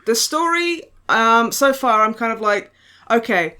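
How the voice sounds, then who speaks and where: A woman's voice: fairly high pitch, lively intonation, unhurried, pushed and bright. A woman hosting a podcast in casual chat, sardonic and giggly, with frequent swearing. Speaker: podcast host.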